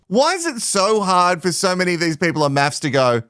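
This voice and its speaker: A man's voice: sits high, sing-song, brisk, few pauses, a bit bright, clear, resonant tone, no echo, clean studio sound. A man giving sarcastic, laughing commentary on a reality TV show. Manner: sarcastic, mocking, laughs often. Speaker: commentary host. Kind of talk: casual reality TV recap commentary.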